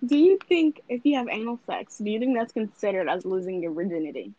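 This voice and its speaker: A woman's voice: mid-range voice, expressive, a little fast, dark tone, no room sound, dull audio. A young woman co-hosting a podcast, talking bluntly and rambling with lots of fillers and swearing. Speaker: podcast co-host. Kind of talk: casual chat.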